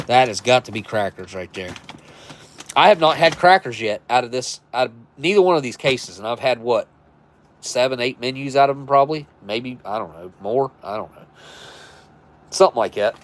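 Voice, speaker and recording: Rambling man thinking out loud. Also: medium pitch, lively intonation, normal speed, pauses often, a little hiss or hum. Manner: rambling, thinks aloud, self-correcting. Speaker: live stream host reviewing military rations. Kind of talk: casual live stream chat.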